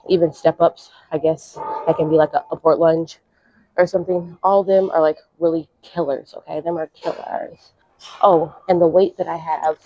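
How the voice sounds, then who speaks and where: A woman's voice: lowish voice, no echo. Young woman fitness vlogger, slangy, out of breath, dull lo-fi. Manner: chatty, coaching, slangy. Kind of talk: casual workout instruction.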